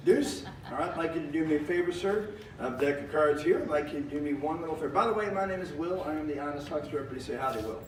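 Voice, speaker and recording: Performing as a magician and variety showman, this man has a voice on the high side and talks very fast, barely pausing. His patter is jokey and folksy, and he chuckles a lot. It's a live stage show with an audience, recorded from a distance in a roomy space with faint noise.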